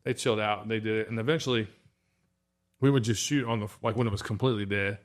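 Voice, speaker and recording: A man's voice: fairly low pitch, fairly even intonation, fast. A man hosting a casual tattoo talk show, telling stories with lots of swearing and acted-out quotes. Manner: profane storyteller, acts out quotes. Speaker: podcast host. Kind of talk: casual chat.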